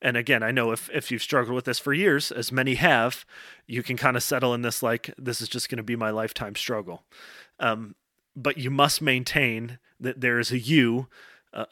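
An earnest man delivers an informal devotional talk, direct and plain-spoken. His voice is bright and forward, and it sits dry and close with no room echo. He checks in with his listeners with "okay" and pauses on "um". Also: medium pitch. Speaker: speaker addressing college men.

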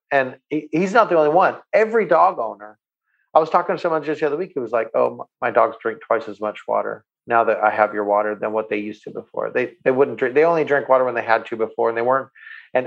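A man of medium pitch tells a long anecdote on a talk show, animated and acting out the voices of the people he quotes. His audio sounds a little dull and lo-fi. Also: vocal fry. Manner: animated storyteller who acts out quoted voices. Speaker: guest, water company owner. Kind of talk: casual chat, anecdote telling.

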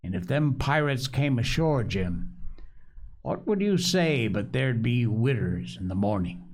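A cunning, anxious old castaway pirate, put on by a male reader, rambling in a wheedling, rustic way. His pitch rises and dips in lively swings, and he takes his time over every phrase. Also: measured pace, slight background noise.

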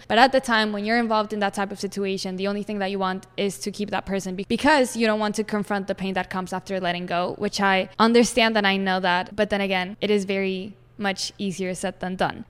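Young female podcaster, smooth voice, candid and unfiltered, casual swearing. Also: medium pitch, long reverb tail. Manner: frank, swears freely, calls listeners "besties". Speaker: podcast host. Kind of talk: candid personal podcast monologue.

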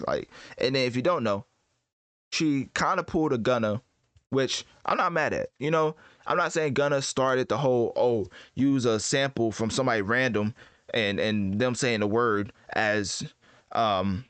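A man giving casual commentary as host, rambling and correcting himself in relaxed slang. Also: mid-range voice, moderate pace, clean tone, no room sound. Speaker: host ranking rappers.

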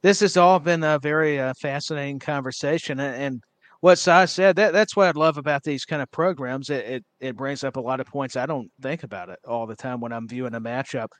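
A man co-hosting a wrestling podcast talks at length with enthusiasm in casual wrestling chat, full of fillers and repeated words. His voice is medium-pitched and a little fast, with no echo.

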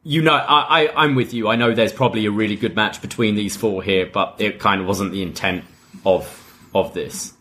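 Man, bright forward tone, casual podcast co-host, easygoing asides. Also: fairly low pitch, moderate pace.

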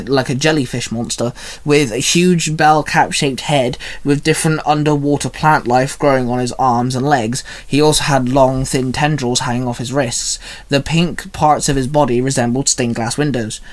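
A man reading a fan story aloud in a casual way, with small slips and restarts. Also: mid-range voice.

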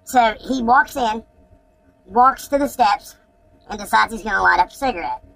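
High-voiced woman telling a story. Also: normal speed, creaky, poor audio. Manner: profane, excited storytelling. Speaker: podcast host. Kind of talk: casual podcast chat.

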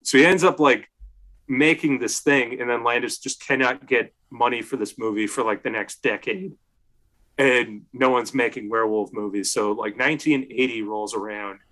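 Casting: male co-host, relaxed film-chat storyteller, filler-heavy and lively. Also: mid-range voice, moderate pace. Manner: chatty storyteller, leans on "like", acts out quotes. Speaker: podcast co-host. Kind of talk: casual film discussion.

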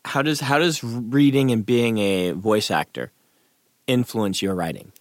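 A man's voice: lowish voice, unhurried, no room sound, clean studio sound. A man hosting a podcast discussion and leading it with questions, a writing teacher.

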